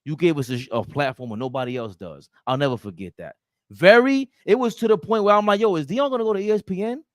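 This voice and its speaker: A man co-hosting a casual sports podcast, talking in slangy, emphatic bursts with loud outbursts. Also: on the high side, expressive, quick pace, dry recording, clean studio sound. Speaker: podcast co-host.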